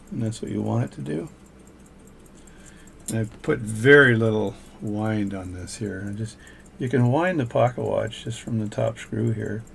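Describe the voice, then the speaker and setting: In his home workshop, an older watchmaker talks his way through a repair, chatty and relaxed, musing aloud between steps. The voice is gravelly and fairly low-pitched, with slight background noise.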